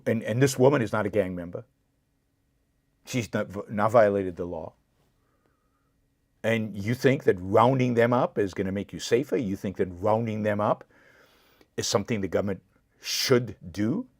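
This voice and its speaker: A man's voice: lowish voice, moderate pace, pauses often, no echo, clean studio sound. A man hosting a live political commentary show, speaking with impassioned indignation and answering viewer comments directly. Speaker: show host.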